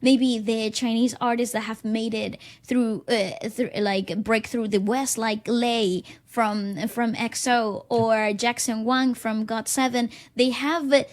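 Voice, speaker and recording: A woman's voice: fairly high pitch, steady tone, slow, few pauses. A woman co-hosting a podcast in a casual discussion, eager and analytical as she breaks down songs and videos. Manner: enthusiastic, analytical about music. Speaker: podcast co-host.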